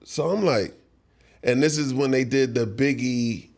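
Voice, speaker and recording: Animated New man telling a story. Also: mid-range voice, a little slow, gravelly. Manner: animated storyteller who acts out quotes, laughs often. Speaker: songwriter guest. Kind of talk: casual storytelling interview.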